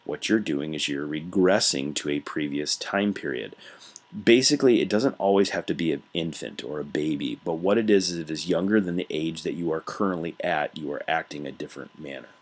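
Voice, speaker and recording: A male teacher with a brisk bass voice gives a recorded lecture, speaking conversationally with frequent fillers and explaining ideas through everyday examples. He uses a computer mic while scrolling through his notes.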